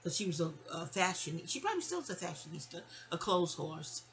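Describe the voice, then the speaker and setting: A woman's voice: fairly low pitch, sing-song, brisk, poor audio. A woman from New York telling a personal story in a casual, rambling way, talking straight to her listener and acting out other people's voices. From New York (Queens). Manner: acts out others' voices in quoted dialogue.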